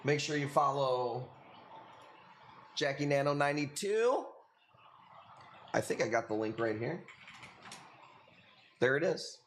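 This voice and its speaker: Hosting a casual livestream where he sells corals, a Chicago-accented man from Illinois speaks in an expressive mid-range voice, slowly and with long pauses. He rambles and chats, laughs often and leans on many fillers. The recording has room echo and faint noise.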